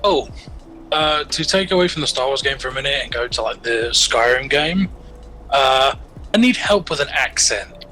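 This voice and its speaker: A man's voice: medium pitch, lively intonation, normal speed, bright, forceful tone, low-quality recording. A man chatting casually on a voice call with his gaming group, rambling with plenty of fillers and restarts. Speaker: player in a group game stream.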